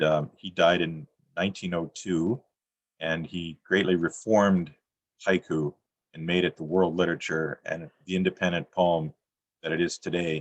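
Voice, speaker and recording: A middle-aged man reading his own poems on a video call, with a dry, deadpan delivery and self-mocking jokes. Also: sits low, dry recording. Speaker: featured poet. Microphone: computer mic on a video call.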